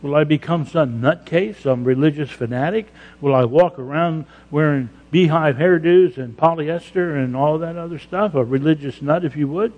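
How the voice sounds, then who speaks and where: A male pastor preaching an emphatic sermon, breaking into loud acted-out prayers. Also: a little high, moderate pace, hardly any pauses, lo-fi sound. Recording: long hall reverb.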